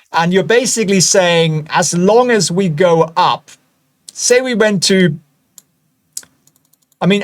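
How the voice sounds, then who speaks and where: A man with a German accent, a host talking through stock charts in an excitable, chatty way, now and then breaking into high-pitched bursts and whispered asides. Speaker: investing channel host. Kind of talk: screen-share stock analysis.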